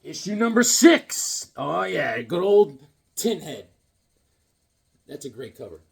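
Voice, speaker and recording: A man rambling through a casual comic book chat, dropping corny one-liners as he goes. His voice is husky and rather high, and it bounces around a lot in pitch. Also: big pitch swings, slow pace.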